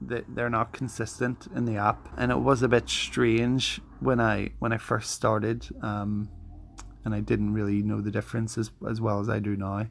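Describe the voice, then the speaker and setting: A man's voice: on the low side, monotone, brisk, gravelly, slight background noise. A man who walks viewers through his study tools in a chatty, self-deprecating way, often restarting his sentences. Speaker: language learner showing study tools. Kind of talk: casual vlog walkthrough.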